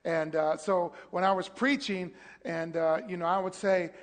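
This pastor and co-host has a high male voice with a steady tone and normal speed. He chats casually and tells stories animatedly, often stumbling over his words, with long hall reverb on the recording.

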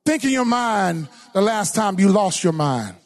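Male pastor, high-pitched, slow sermon delivery with shouted and sung phrases, call-and-response. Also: big pitch swings.

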